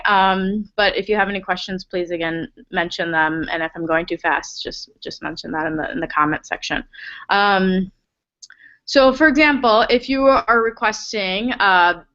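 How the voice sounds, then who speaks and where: A woman's voice: medium pitch, bright, forceful tone. A woman presenting a grant application webinar, chatty and apologetic, with many fillers, over a video call. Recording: dull lo-fi online call audio.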